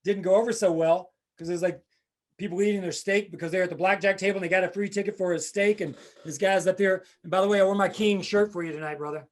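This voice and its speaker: Male talk show host, supportive and chatty, with a high voice. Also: fairly even intonation, fast. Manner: supportive, chiming in with short reactions. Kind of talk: casual chat.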